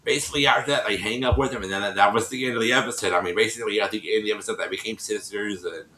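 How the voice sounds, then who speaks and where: A man talking through a reality show recap in a loose, chatty way, circling back over his own phrases and slipping into little voices for the people he quotes. His voice is bright and forceful, with a roomy echo around it. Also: lowish voice, rapid-fire, slight background noise. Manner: rambling, repeats and restarts phrases. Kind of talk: casual recap chat.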